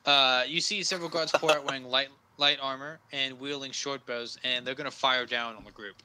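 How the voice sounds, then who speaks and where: A man's voice: medium pitch, steady tone, background noise. A man narrating as game master of a tabletop role-playing game, talking with frequent hesitations. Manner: halting, with frequent uh fillers.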